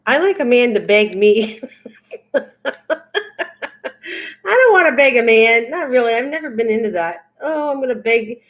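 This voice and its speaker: An older woman talks loosely to her live viewers while she works on a craft. Her voice sits a little high for a woman. She teases and rambles, playful and silly, rarely finishing a thought before starting the next. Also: big pitch swings, unhurried, long pauses. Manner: goofy, teasing, rambling. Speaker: craft livestream host. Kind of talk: casual chat with live viewers.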